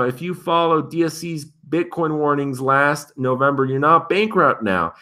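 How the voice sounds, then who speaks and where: A young man hosting casual commentary, reading headlines aloud and reacting with sarcastic, incredulous remarks and sudden jumps in pitch. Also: animated, normal speed, few pauses, bright, forceful tone. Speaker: crypto commentary host.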